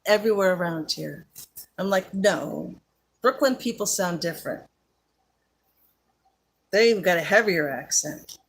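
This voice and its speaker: A woman's voice: on the low side, lively intonation, measured pace, long pauses. A woman with a Central New Jersey accent, hosting a casual live chat with viewers, chatty and laughing often, with many fillers. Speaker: live-stream host.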